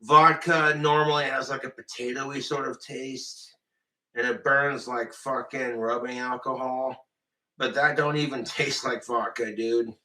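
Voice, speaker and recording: Loud profane drunk man ranting. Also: medium pitch, steady tone, unhurried, low-quality recording. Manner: profane, loud outbursts, swings into shouting. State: drinking, tipsy. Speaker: livestreamer. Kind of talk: drunken rambling livestream.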